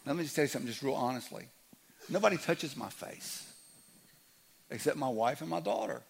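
A man in his fifties preaching a sermon as a pastor, earnest, dropping to a hush and then rising loud, often repeating his words. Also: on the high side, animated, normal speed, gravelly, long pauses, slightly rough.

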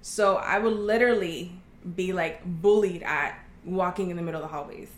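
A woman's voice: fairly low pitch, normal speed. Candid woman telling her story, echoey room. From Oklahoma, USA. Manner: candid, earnest storytelling, acting out quoted voices. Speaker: guest. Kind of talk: personal testimony in an interview.

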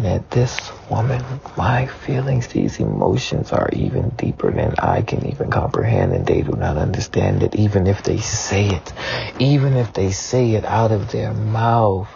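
A man's voice: medium pitch, creaky, a little mellow, a little hiss or hum. A spiritualist man in a raw, emotional monologue, tearful and repeating himself, swearing as he vents. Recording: dull lo-fi recording.

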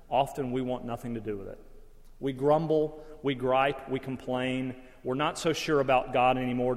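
Preaching man in an echoing hall. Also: medium pitch. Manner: earnest, questioning, rising emphasis. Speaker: pastor. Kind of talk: sermon. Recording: long hall reverb.

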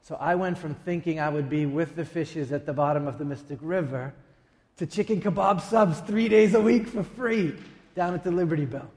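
A man preaching a sermon as a pastor, emphatic, with dramatic pauses and quick asides. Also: a little high, a little mellow, long reverb tail. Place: church sanctuary.

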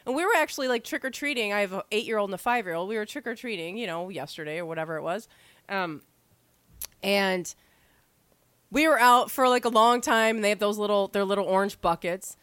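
A woman in her forties in casual chat about parenting, talking in a chatty, animated way and acting out imagined voices. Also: medium pitch, brisk, clean tone, no echo. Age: 40s.

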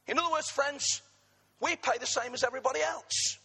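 Middle-aged english pastor preaching, high bright voice, raspy, cracks jokes to the church. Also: male voice, fairly quick, in a large hall. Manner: preaching with humorous asides to the congregation. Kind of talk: sermon.

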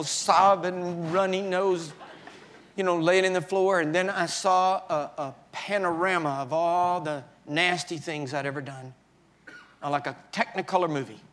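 A man preaching in a sermon, telling his own story with halting restarts and swings between hushed and loud moments. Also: on the high side. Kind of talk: sermon testimony.

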